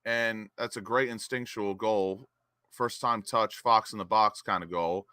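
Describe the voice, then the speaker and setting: Excitable young man hosting a watch-along. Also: lowish voice, unhurried, dry recording, studio quality. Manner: excitable, reads chat names and cheers goals. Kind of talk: live-stream match watch-along chat.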